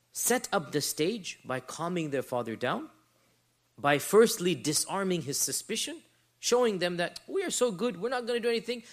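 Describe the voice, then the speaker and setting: A man lecturing a class on scripture, explaining slowly, repeating phrases and reciting in Arabic. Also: a little high. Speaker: teacher of Quran commentary.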